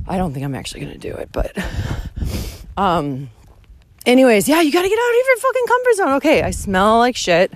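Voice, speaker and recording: A woman's voice: a little high, fairly quick. A young woman talking into her phone while hiking outdoors, blunt and foul-mouthed, out of breath from climbing. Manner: blunt, heavy swearing, animated rants. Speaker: vlogger hiking the Camino. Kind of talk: casual walking vlog monologue. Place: outdoors on a rural trail. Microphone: phone held while walking.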